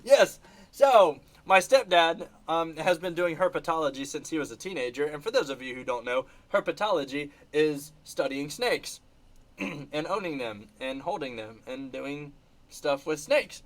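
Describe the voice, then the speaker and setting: A man hosting a casual livestream, telling animated stories and laughing between sentences. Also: a little high, measured pace. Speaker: channel host reacting to live chat. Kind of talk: casual livestream chat showing trip photos.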